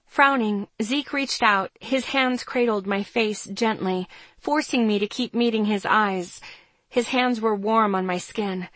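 Here the narrator's voice is medium in pitch and fairly bright, and she reads a little slowly. She delivers her first-person audiobook story with tension and drama, and there's no echo.

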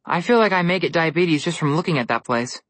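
A woman's voice: low-pitched, expressive, fast, no echo. A woman voicing a cautious, sarcastic young boy in a storybook reading, with dry, indignant remarks. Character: sarcastic, cautious boy, the girl's twin brother.

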